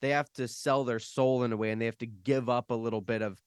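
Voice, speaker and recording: A man hosting a podcast, talking in a measured, casual way as he sums up his guest's point. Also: mid-range voice, steady tone, clean tone, dry recording, clean studio sound. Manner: measured, checks his understanding. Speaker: podcast host. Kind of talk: casual chat.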